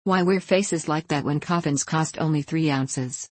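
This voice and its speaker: A woman's voice: sits low, measured pace, darkish tone, breathy edge, no echo. A woman voicing a boisterous male gold-rush adventurer about to turn thirty, speaking in a hearty, folksy way that calls out to a whole room.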